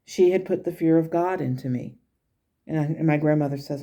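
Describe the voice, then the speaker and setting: A woman calmly recounting a conversation with her late grandmother's spirit, speaking earnestly as a medium. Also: sits low, fairly quick. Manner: calm, earnest storytelling. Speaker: medium relaying spirit messages.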